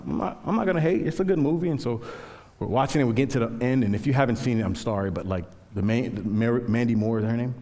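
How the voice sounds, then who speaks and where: A man's voice: mid-range voice, dark tone, long reverb tail. A man in his thirties preaching a sermon, telling stories with self-deprecating humor. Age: 30s. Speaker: pastor.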